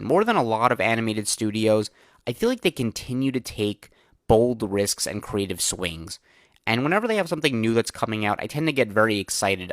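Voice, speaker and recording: Young man, podcast host, casual film review, low voice, filler words, dry close recording. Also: fairly bright tone, dry recording. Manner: conversational, many "like" and "um" fillers, candid opinions.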